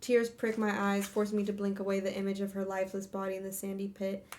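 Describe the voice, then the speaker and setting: A woman's voice: medium pitch, completely flat delivery, quick pace, a little mellow, a little hiss or hum. Young female streamer, home setup, first-person novel reading with offhand breaks. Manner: reads in first person, breaks off to laugh and curse. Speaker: streamer hosting a book club reading. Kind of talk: reading a novel aloud with casual asides.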